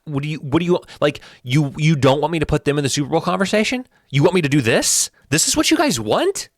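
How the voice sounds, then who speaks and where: A man in his thirties hosting a football rankings show, talking straight to his viewers in an animated, teasing and defiant way. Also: on the high side, quick pace, dry recording, clean studio sound. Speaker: sports channel host. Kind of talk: opinionated football rankings talk.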